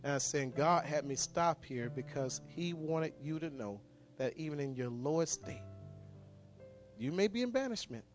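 A man, a pastor praying and then telling a story to his congregation, earnest and repetitive, often halting and restarting his sentences. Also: fairly high pitch, lively intonation, soft background music. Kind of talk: prayer and sermon storytelling.

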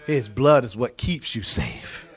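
A man preaching a sermon with passion, repeating phrases and shouting key words for emphasis. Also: medium pitch, wildly swooping pitch, unhurried, gravelly.

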